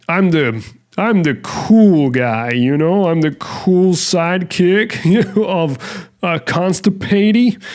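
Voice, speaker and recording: A man voicing a cool, all-American male cartoon sidekick with a slow, laid-back drawl. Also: on the high side, darkish tone, smooth.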